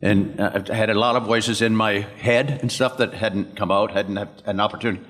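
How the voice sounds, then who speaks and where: Older guy, lowish voice, rambling panel stories w/ little impressions, big echoey hall. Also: steady tone, brisk, fairly bright tone. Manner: rambling anecdotal, acts out others' lines and laughs. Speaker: voice actor, convention panel guest. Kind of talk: convention panel storytelling. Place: convention panel room. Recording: long echo of a convention hall.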